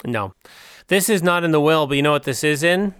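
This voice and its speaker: Smooth-voiced man riffing deadpan. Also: fairly high pitch, fairly quick, dry recording, studio quality. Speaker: podcast co-host. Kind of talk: comedic commentary.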